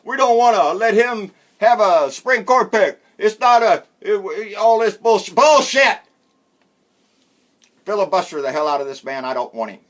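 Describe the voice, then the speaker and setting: A man's voice: a little high, a bit bright. A man delivering a sarcastic, blunt political rant as host of his own show. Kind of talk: ranting political monologue.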